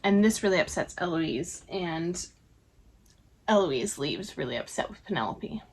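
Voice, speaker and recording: A woman's voice: on the low side, expressive, unhurried, slight background noise. A young woman casually recapping a TV episode, retelling it chattily with frequent fillers. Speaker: show recap vlogger.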